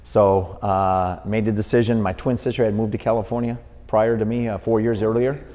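Here a podcast guest, a middle-aged man from Wisconsin who works as a boxing referee, narrates a lengthy story during an interview, animatedly acting out each person he quotes. His voice sits on the low side at a normal speed, trailed by long reverb.

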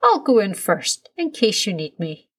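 A woman voicing a patient, gently firm father in a storybook reading, calm and reassuring. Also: medium pitch, a little slow, husky, full character voice.

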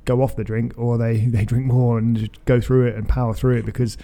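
A man's voice: medium pitch, flat delivery, a little fast, warm tone. A man co-hosting a podcast, talking casually and trailing off mid-sentence. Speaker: podcast co-host. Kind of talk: casual chat.

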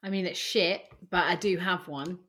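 A woman co-hosts a podcast in easy, casual chat, opinionated and quick to put herself down. Her voice sits a little low but comes across bright and forceful. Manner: chatty, self-deprecating, opinionated. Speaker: podcast co-host.

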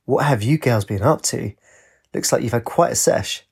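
A man with a husky voice playing a jokey, rational young male physicist in a story reading. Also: mid-range voice, moderate pace, darkish tone. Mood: teasing.

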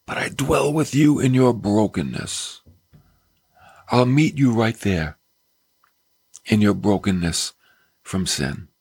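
A man preaching a sermon in an earnest, exclamatory way, sometimes dropping to soft near-whispers. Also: mid-range voice, slightly rough, dry recording.

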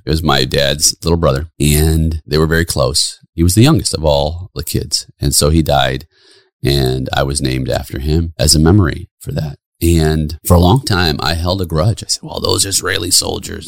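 A man's voice: a bass voice, steady tone, normal speed, dry recording, clean studio sound. A middle-aged man hosting a solo podcast, speaking with earnest, preacherly emphasis. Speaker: podcast host.

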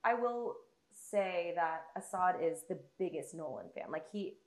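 A woman's voice: lowish voice, animated, measured pace, darkish tone. A woman co-hosting a casual movie podcast, chatty and laughing easily, with a casual swear now and then. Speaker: podcast co-host.

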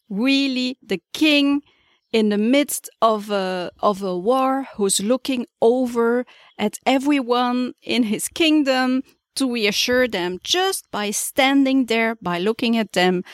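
A woman hosting her own podcast, giving calm step-by-step leadership advice in a measured, instructive way. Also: on the high side, no room sound, clean studio sound. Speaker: podcast host. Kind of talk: solo podcast coaching talk.

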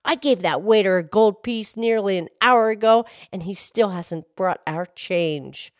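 A woman voicing a boastful swindling man who blusters loudly and indignantly. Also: medium pitch, unhurried, no room sound, studio quality, pitched above the performer's own voice, natural voice.

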